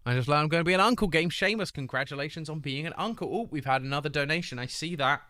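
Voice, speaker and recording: A man's voice: on the high side, rapid-fire, bright, forceful tone, no echo. A British man hosting a charity livestream, chatting casually and upbeat while reading out and greeting his viewers. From Britain. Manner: upbeat, reads chat aloud and greets viewers. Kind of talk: casual live-stream chat. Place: home streaming room.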